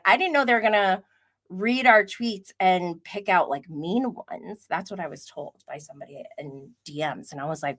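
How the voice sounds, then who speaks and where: A woman hosting a livestream and chatting casually through a recap, talking in an animated way and laughing often. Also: medium pitch. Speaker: host.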